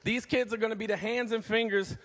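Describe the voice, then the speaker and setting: A strength ministry demonstration is underway on stage at a church event, led by a man with a high, brisk voice. He keeps the energy up, rallying the crowd and kids.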